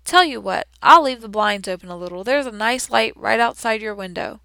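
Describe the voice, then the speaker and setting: Woman doing a booming jolly janitor man. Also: expressive, fairly quick, gravelly, smooth, no room sound, full character voice. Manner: loud, hearty, chatty. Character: jovial booming male night janitor, friendly.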